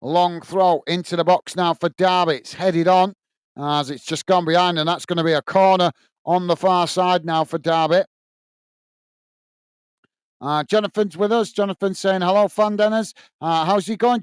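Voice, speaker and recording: A man's voice: sits high, fairly even intonation, moderate pace, smooth, dry recording. A man with a Lancashire accent hosting a live football watch-along, giving running play-by-play and reading viewer comments aloud in a friendly, matey way. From England.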